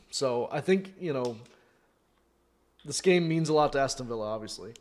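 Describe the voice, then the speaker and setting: A man talking through a live match for fellow fans, rambling easily with plenty of fillers. He muses about players, then erupts into loud, disbelieving shouts when goals go in. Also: a little high, sing-song, a little slow. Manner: chatty, rambling, thinks aloud with fillers. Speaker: fan host of a live watchalong. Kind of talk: casual live match reaction.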